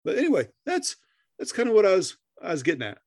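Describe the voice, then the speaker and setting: A man's voice: sits high, wildly swooping pitch, fast talker, a little mellow, no room sound, clean studio sound. A middle-aged man co-hosting a podcast in casual chat, rambling, swearing freely, laughing often and stammering through restarts. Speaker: podcast co-host.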